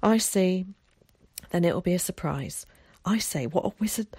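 A woman voicing an excitable, theatrical boy who chatters eagerly. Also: fairly low pitch, measured pace, breathy edge, no echo, clean studio sound, heavily acted. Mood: teasing.

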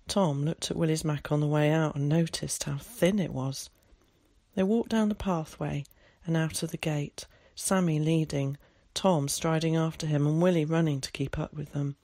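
A narrator reading a novel aloud in a measured storytelling manner. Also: medium pitch, warm tone, no room sound, studio quality. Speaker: audiobook narrator. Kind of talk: scripted narration.

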